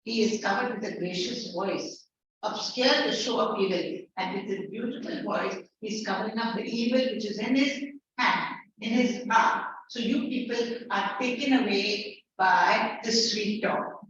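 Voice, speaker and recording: A woman's voice: mid-range voice, a little slow, fairly bright tone, slight background noise. A woman tutor teaching literature in an online class, explaining each line and repeating key words. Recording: echoey, distant, muffled lecture audio.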